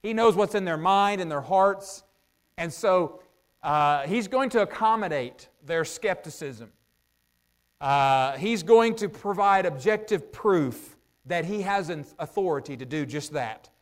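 A man delivering a sermon in a high voice. He talks it through like a conversation, tossing rhetorical questions to the congregation and pausing with "uh" as he works through his thoughts. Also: lively intonation. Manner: thinks out loud with frequent "uh" pauses. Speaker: preacher.

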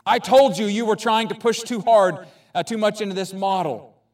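A pastor reads as a fussing, doubtful male angel who questions the Lord gently. The reading sits a little above his usual pitch and keeps a skeptical, storybook feel. He stands some distance from the microphone. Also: normal speed. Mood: gentle.

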